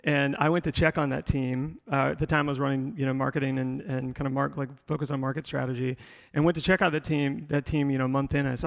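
A middle-aged man with a gravelly, creaky voice tells his career story in a rambling way, full of "uh"s and restarts. He speaks at a medium pitch. His voice rings out with the long reverb of a large hall. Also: level tone, fast talker. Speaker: tech company executive guest.

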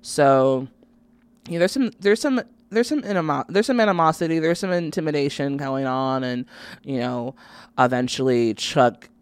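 A woman co-hosting a podcast, recapping a show in relaxed, thoughtful casual chat. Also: deep voice, moderate pace, clear, resonant tone, dry recording. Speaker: podcast co-host.

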